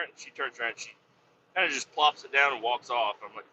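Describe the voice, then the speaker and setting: Rambling, exasperated man, bright tense voice. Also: on the high side, animated, quick pace. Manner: rambling, exasperated, swears freely. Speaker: podcast host. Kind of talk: casual storytelling monologue. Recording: dull, slightly lo-fi sound with faint noise.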